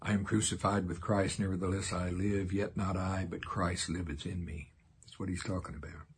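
An older man preaching a sermon in a folksy way, laughing often and slowing down to repeat lines solemnly. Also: low voice, flat delivery, breathy edge.

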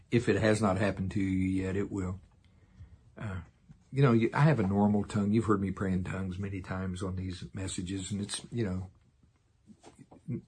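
An older man preaching a sermon in a folksy way, laughing often and slowing down to repeat lines solemnly. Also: lowish voice, a little mellow, husky.

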